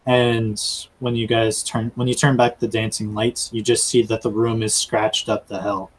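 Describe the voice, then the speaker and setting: A man narrating a tabletop role-playing game as game master, in a halting storytelling way. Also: lowish voice, little pitch movement, husky, low-quality recording.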